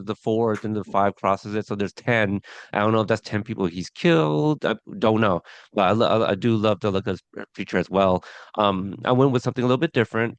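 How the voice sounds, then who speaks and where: Guy on a podcast, lowish smooth voice, chatty, lots of uh and you know, dry close mic. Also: no echo. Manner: chatty, many fillers and restarts. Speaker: podcast co-host reviewing a TV episode. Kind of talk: casual podcast chat.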